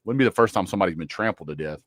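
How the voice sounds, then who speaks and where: This is a lower-voiced man, talking casually on a football livestream. He jokes and trash-talks bluntly, and his voice sits close and dry on the mic with no room around it. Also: very fast, no echo. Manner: joking, blunt trash talk with a Southern drawl of words. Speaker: sports livestream host.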